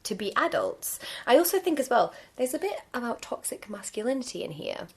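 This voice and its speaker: A woman's voice: fairly high pitch, big pitch swings, brisk, slightly rough. A woman co-hosting a podcast, chatting casually about a book and reading passages aloud. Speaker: podcast co-host.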